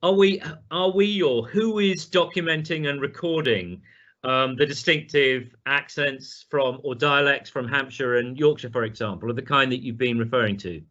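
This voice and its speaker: A man moderating a question session, reading out audience questions in a brisk way. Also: mid-range voice, fairly bright tone. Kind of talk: hosting a Q&A. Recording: dull lo-fi livestream audio.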